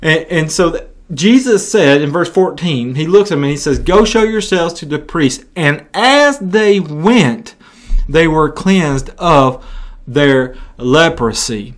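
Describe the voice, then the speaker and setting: A man preaching a sermon, retelling scripture in an animated storytelling way with frequent restarts. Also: fairly high pitch, slow.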